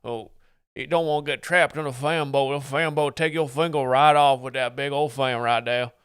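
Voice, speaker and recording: A man's voice: medium pitch, steady tone, normal speed, clear, resonant tone, no room sound, clean studio sound, close to an everyday voice. A man voicing a folksy bayou man with a Cajun accent, drawling and hearty. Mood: boastful.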